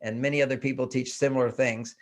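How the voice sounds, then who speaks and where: Speaking fast and with little pitch movement, an older talk-show guest who is a relationship expert explains his point in earnest. His medium-pitched delivery is built on repeated self-questioning, and he performs the inner voices as he answers them.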